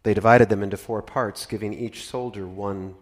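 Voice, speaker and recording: A man narrating a dramatic scripture reading with expressive, varied emphasis. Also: fairly low pitch, normal speed. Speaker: scripture reader.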